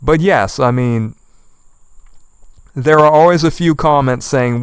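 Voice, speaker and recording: A man's voice: mid-range voice, takes it slowly, long pauses, clear, resonant tone, dry recording. A man giving outspoken online commentary, indignant and scolding, repeating phrases for emphasis. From United States.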